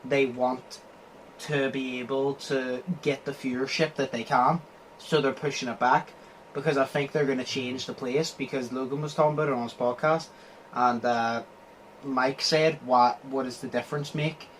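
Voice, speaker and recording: A man's voice: medium pitch, steady tone, normal speed, a little hiss or hum, low-quality recording. Swearing, rambling podcast host guy. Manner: rambling, swears a lot, acts out quotes. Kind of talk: casual podcast chat.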